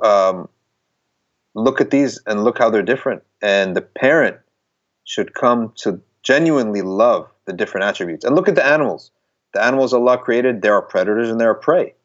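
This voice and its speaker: Earnest low-voiced man, slightly muffled. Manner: earnest, emphatic, circles back and restarts phrases. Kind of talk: conversational talk.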